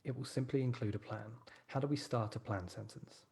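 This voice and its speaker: A man's voice: medium pitch, a little fast, gravelly, a little mellow. A man teaching a live writing class, encouraging his students and thinking aloud as he types.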